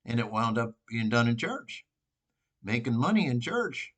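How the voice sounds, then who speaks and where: An older man, a priest, giving an informal, rambling sermon reflection with pauses and restarts. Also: mid-range voice, very animated, fairly bright tone.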